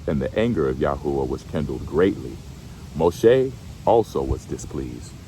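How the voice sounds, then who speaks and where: A man reading bible verses slowly, then paraphrasing them in relaxed, slangy everyday speech. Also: very deep voice, a little hiss or hum. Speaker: bible teacher. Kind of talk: scripture reading with casual commentary.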